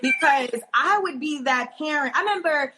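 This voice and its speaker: Animated high-voiced woman guest. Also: slight background noise. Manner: animated, rapid storytelling. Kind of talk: casual chat over video call.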